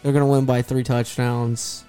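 A man's voice: medium pitch, level tone, moderate pace, dark tone, clear, resonant tone, soft background music. A young man hosting a casual sports podcast, bantering with heavy sarcasm. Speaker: podcast host.

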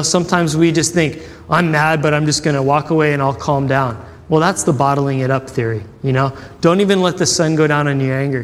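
Animated male preacher in a reverberant hall. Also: on the high side. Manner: animated storytelling, acts out quotes, asks audience questions. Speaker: pastor. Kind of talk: sermon.

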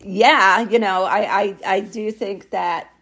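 A woman co-hosting a podcast in a relaxed conversational chat, talkative and quick to laugh. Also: mid-range voice. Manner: chatty, laughs easily. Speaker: podcast co-host. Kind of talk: casual chat.

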